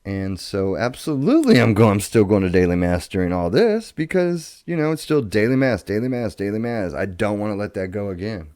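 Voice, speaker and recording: A middle-aged man telling his life story in casual talk, profane and rambling, with halting restarts. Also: on the low side, big pitch swings, a little mellow, no room sound, clean studio sound.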